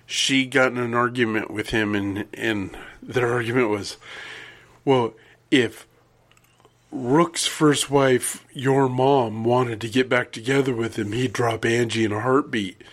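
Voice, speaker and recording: A man's voice: mid-range voice, steady tone, unhurried. A man telling stories in casual chat, wry and dry-humored, acting out the people he quotes. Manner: wry, storytelling with quoted voices.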